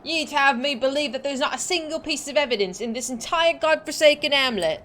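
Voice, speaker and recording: Reading game dialogue aloud, a woman voices a blustering male sea officer in a put-on seafaring dialect, full of old sailor talk like ye, aye and ain't. Her voice sits high, above her own natural pitch, and is a bit bright and fairly quick.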